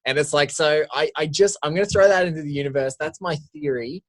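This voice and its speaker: A man's voice: on the high side, quick pace, hardly any pauses. Rambling, enthusiastic man. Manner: rambling, enthusiastic, trails off softly. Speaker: podcast co-host. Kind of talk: casual chat.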